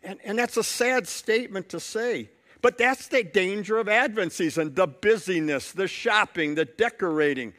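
A man's voice: sits high, normal speed, a bit bright. A male pastor preaching a sermon, telling a story and building points through repetition.

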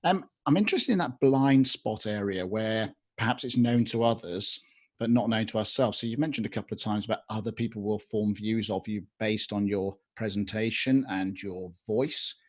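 A man's voice: on the low side, moderate pace. Thoughtful man hosting a podcast. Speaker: podcast host. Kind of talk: podcast conversation.

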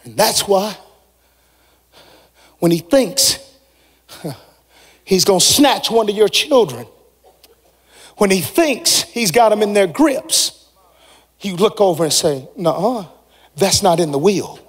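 High-voiced shouting preacher man. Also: big pitch swings, takes it slowly, pauses often. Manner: shouting, half-singing preacher cadence. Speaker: pastor. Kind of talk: sermon. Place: church sanctuary. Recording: long reverb of a large hall.

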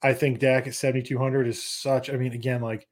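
A man in casual sports chat, rambling and profane, talking fast in bursts and breaking down fantasy football picks with confidence. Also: mid-range voice, little pitch movement. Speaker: podcast guest.

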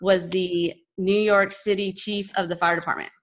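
A woman's voice: medium pitch, flat delivery, normal speed. Chatty Texan woman hosting a podcast. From grew up in Texas. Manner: chatty, rambling, with many restarts and laughs. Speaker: podcast host. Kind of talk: casual interview chat.

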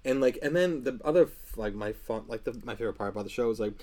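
A man's voice: mid-range voice, lively intonation, quick pace, warm tone. A young man co-hosting a podcast in casual chat, rambling and swearing often with frequent laughs. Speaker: podcast co-host.

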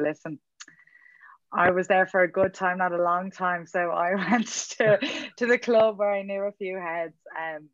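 A woman's voice: lowish voice, dry recording. Chatty young woman, muffled. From Dublin, Ireland. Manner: chatty and rambling, self-mocking, laughs often. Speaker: podcast guest. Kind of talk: casual interview chat. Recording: dull, dry sound.

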